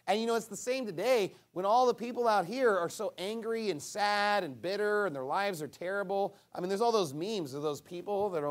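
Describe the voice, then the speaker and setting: A man preaching a sermon, emphatic, swinging from booming lines to hushed ones.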